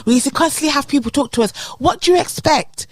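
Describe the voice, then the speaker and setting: A young woman co-hosting a podcast, chatting casually in slangy, expressive talk and mimicking teachers. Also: high voice, fast. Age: young adult. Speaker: podcast co-host. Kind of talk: casual chat.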